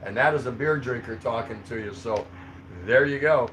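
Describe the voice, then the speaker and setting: Male livestream host, casual and chuckling, middle pitch, light background hiss. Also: normal speed, a bit bright, poor audio. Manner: rambling, chuckling, easygoing. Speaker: livestream host reading chat. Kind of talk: casual live chat. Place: home in the Philippines.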